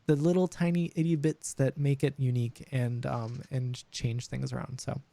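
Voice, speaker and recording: A man's voice: mid-range voice, fairly even intonation, normal speed, gravelly, mellow, dry recording. A young man running a tabletop game as dungeon master, chatting casually with many fillers and restarts. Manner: rambling, frequent fillers and restarts. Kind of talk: casual chat over voice call.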